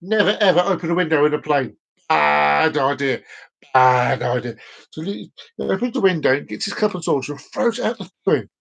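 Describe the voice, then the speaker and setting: A man with a notably high speaking voice hosts his own live stream. He rambles along, circling back to repeat phrases and often tripping over his words in a loose, casual delivery. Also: animated, fast talker, vocal fry, hardly any pauses, husky, muffled recording.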